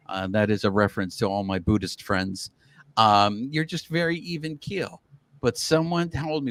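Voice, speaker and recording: A man's voice: fairly low pitch, unhurried, a bit bright, smooth, no echo. A man co-hosting a casual baseball podcast, talking with heated, fired-up opinions. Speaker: podcast co-host. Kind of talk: casual sports chat.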